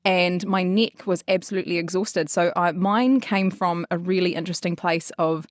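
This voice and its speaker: A woman with a fairly low voice explains in a thoughtful, measured way, like a voice therapist walking through her own story. The podcast sound is dry and close. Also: fairly even intonation, no room sound. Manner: reflective, explanatory. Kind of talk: casual chat.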